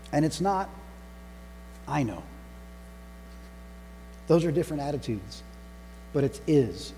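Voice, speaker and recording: A man delivering a sermon, pausing to stress single words with deliberate emphasis. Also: a little high, vocal fry, mellow. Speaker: pastor. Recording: long reverb hall with faint mains hum.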